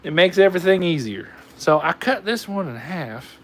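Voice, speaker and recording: Filmed by a camera operator on the camera's own mic, this man talks at normal speed in a fairly high, slightly bright voice with lively intonation. He hosts a fireworks video in a put-on Southern accent, rambling and cracking folksy jokes through a casual demonstration. The audio is distant and roomy, with a little background noise.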